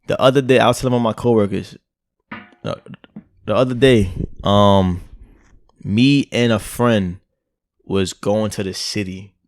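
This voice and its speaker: A Brooklyn man co-hosting a podcast tells a rambling street anecdote loosely, peppered with "like" and "right?" His lowish voice is steady and a little slow, with long pauses. The studio sound is clean, with no echo.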